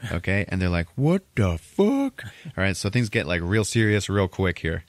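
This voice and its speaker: Man, podcast host, deep voice, casual profane storytelling, dry close mic. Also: fairly even intonation, brisk, dry recording. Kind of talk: casual movie plot retelling.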